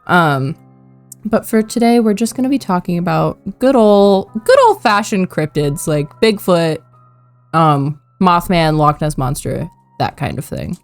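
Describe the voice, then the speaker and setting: A young woman hosting a casual podcast, giggling often and filling pauses with ums. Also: lowish voice, expressive, soft background music. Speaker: podcast host.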